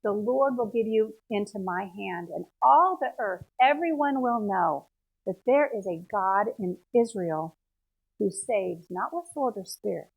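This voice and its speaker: A woman's voice: medium pitch, lively intonation, unhurried, vocal fry, breathy edge, heavily acted. A woman voicing a brave, devout young shepherd boy speaking with earnest conviction, in a retold Bible story. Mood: solemn. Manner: earnest, indignant. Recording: tinny phone-like sound.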